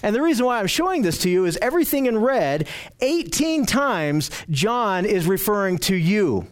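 A man with a notably high-pitched voice delivers an expository sermon. He reads scripture aloud, then breaks it down patiently, leaning on repetition to drive his points home. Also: big pitch swings, normal speed. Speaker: pastor teaching a Bible study. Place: church with slides on a screen.

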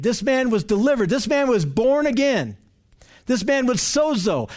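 A man with a high voice delivers a sermon. He presses his points hard, repeating key phrases and restarting sentences as he goes. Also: very animated, moderate pace. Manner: emphatic, repetitive preaching with frequent restarts. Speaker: preacher.

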